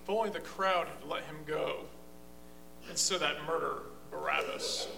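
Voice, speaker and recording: A man's voice: on the high side, wildly swooping pitch, moderate pace, vocal fry, sharp tone, a little hiss or hum, full character voice. A man playing a bitter, disillusioned male disciple in a church drama, in an echoey hall.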